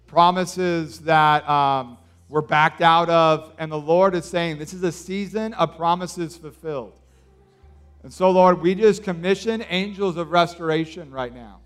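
A man's voice: fairly high pitch, fairly bright tone, clear, resonant tone. A man preaching a sermon, telling a story in a casual, rambling way with lots of fillers.

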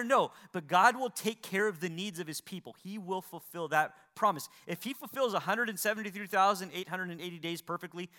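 A middle-aged man preaches from the pulpit in a high-pitched voice. His tone is bright and ringing, and he drives his points home with rhetorical questions. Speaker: pastor. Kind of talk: sermon.

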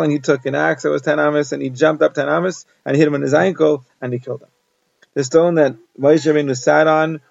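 A man giving a quick summary lesson on a Talmud page, rattling off Hebrew verses and explaining each one in English. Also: on the high side, gravelly, darkish tone, dry recording, lo-fi sound. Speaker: Talmud teacher.

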